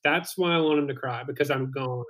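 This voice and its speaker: A man appearing as a guest author on a podcast, making wry deadpan jokes in casual chat. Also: medium pitch, a little fast.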